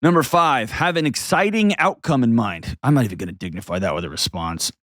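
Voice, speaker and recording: A man's voice: mid-range voice, lively intonation, brisk, fairly bright tone, dry recording, studio quality. A man hosting an advice show, talking bluntly and emphatically and repeating words for stress. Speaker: host.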